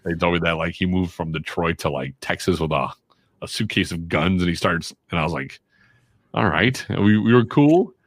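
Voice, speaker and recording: A man from Chicago, a radio and voiceover guest, telling animated, self-mocking stories in a casual podcast chat. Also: deep voice, a little fast, dry recording. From Chicago, USA.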